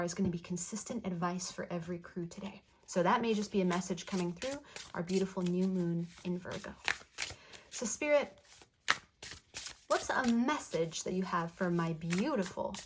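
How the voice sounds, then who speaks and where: A woman giving a channeled tarot card reading in a soft, flowing way, affirming the listener and repeating phrases. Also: lowish voice, normal speed, pauses often, noisy background. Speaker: tarot reader.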